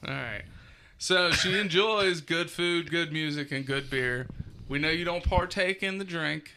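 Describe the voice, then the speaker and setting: A man's voice: a little high, measured pace, bright, forceful tone, smooth. A man hosting a casual comedy podcast, joking loosely and laughing often as he reads out entries. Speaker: podcast host.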